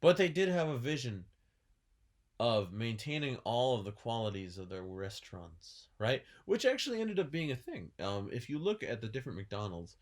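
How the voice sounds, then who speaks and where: A man's voice: mid-range voice, big pitch swings, normal speed. A man co-hosting a podcast, chatting casually and joking, slipping into silly voices for his bits. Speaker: podcast co-host. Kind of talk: casual chat.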